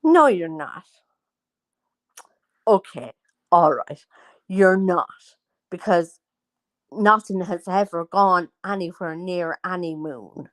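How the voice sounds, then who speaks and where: A woman's voice: on the low side, animated, takes it slowly, long pauses, no room sound. A woman chatting casually at home, rambling through stories with plenty of fillers. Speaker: host. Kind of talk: casual chat.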